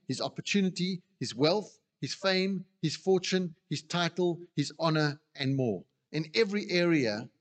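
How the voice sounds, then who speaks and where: Guy giving a sermon, lively preachy delivery, echoey hall sound. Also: medium pitch. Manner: animated preaching, acts out quoted voices. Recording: long reverb of a hall.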